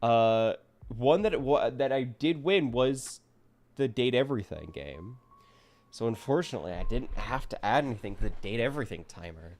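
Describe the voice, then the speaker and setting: A man's voice: mid-range voice, lively intonation, normal speed, darkish tone. A man chatting casually to his viewers at the end of a stream, rambling and self-deprecating.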